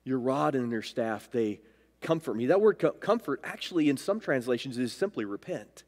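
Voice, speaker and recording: Long church-hall reverb surrounds a male pastor with a mid-range, darkish voice and lively intonation. Speaking at normal speed, he preaches emphatically, pushing his pitch up and down to stress words.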